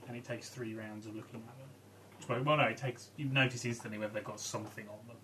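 A man at a tabletop game, making dry remarks and laying out the rules in an even voice. Clear background noise runs under him. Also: medium pitch, quick pace. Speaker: player. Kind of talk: casual chat. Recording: noisy room recording.

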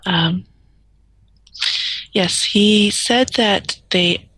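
A woman's voice: medium pitch, very slow, fairly bright tone, no room sound, low-quality recording. A woman playing a tabletop game, giggling and apologizing as she speaks for her character. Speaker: player. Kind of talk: casual tabletop role-play.

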